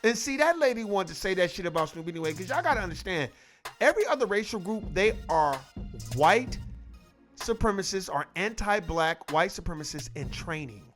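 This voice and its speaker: A man with a high voice holds forth on camera as an online commentator, emphatic and profane. He hammers his points through repetition in a casual, unscripted rant, with soft music underneath. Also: lively intonation, brisk.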